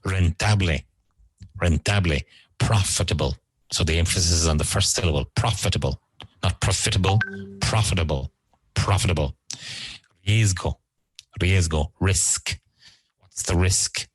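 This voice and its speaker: A man with a deep, low voice teaching English vocabulary. He says each word, repeats it, and explains how it is used. The sound is close and dry, with no room around it. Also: no echo, low-quality recording. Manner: repeats words slowly and explains them. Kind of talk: vocabulary lesson.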